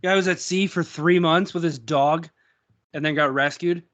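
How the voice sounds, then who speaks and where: A man's voice: fairly high pitch, steady tone, moderate pace, a bit bright. A man co-hosting a casual chat show, laid-back, swearing a lot and laughing easily. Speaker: podcast co-host.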